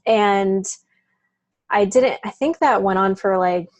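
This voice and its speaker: A woman's voice: medium pitch, slow, no echo, dull audio. Chatty woman telling a story. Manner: chatty, laughs often, many "like" fillers. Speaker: interview guest. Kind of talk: casual storytelling.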